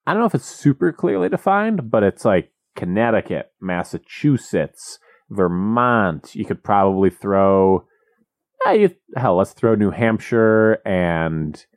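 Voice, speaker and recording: A man with a low voice co-hosts a casual comedy talk show. His pitch swoops around, and he tells stories in a wry, animated way. The sound is dry and close. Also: a little slow, no echo. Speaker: podcast co-host.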